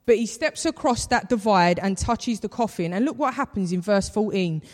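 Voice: medium pitch, animated, normal speed, a little mellow. Preacher in a reverberant hall. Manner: conversational storytelling, acts out quoted voices. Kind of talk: sermon. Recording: long reverb of a large hall.

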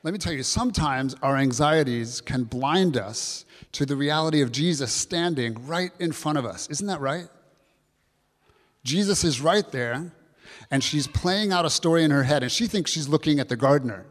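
A man's voice: on the high side, lively intonation, normal speed, big-room sound. A man preaching a sermon, earnest and reflective, asking his listeners questions and reading scripture aloud. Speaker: pastor.

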